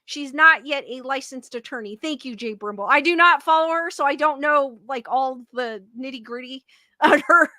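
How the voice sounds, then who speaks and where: A woman's voice: high voice, normal speed, sharp tone, no room sound. A woman hosting a casual livestream, reading viewer comments aloud and answering them defensively, laughing often and restarting sentences. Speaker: livestream host reading chat.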